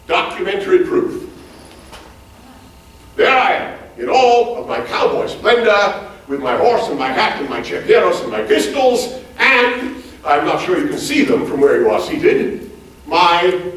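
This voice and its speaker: On a large auditorium stage before a live audience, a male historical reenactor gives a one-man portrayal of a hearty, bookish former president. His high voice is unhurried, heavily acted and spirited as he quizzes the crowd with lively questions in formal, old-fashioned phrasing. The hall is very echoey and the mic sits far off.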